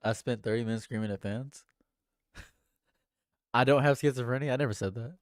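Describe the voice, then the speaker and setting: A man streaming live, talking loosely to his chat and laughing often. His voice sits a bit high and comes across smooth and clear, recorded close and dry on a desk mic, lurching between loud high-pitched bursts and low muttering. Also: steady tone, moderate pace, long pauses, no room sound. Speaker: livestream streamer. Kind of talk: casual livestream chat.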